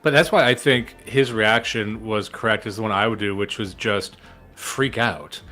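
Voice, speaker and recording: Low voiced guy on a live stream, sarcastic, swears a lot, keeps laughing, faint music behind. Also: steady tone, moderate pace, pushed and bright. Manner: profane, sarcastic, laughs often. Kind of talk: casual live-stream talk.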